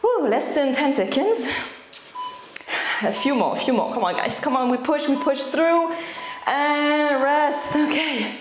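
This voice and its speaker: A woman leading a workout as a fitness instructor, cheering people on with energetic cues while breathing hard. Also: high-pitched, a little slow, background noise. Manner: encouraging, energetic cueing, out of breath at times. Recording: echoey room.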